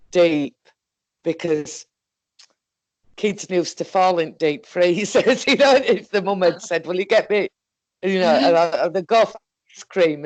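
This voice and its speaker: A woman with a Northern English accent telling a story in a casual, halting, rambling way, swearing often. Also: lowish voice, darkish tone, no room sound. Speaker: guest recounting an experience.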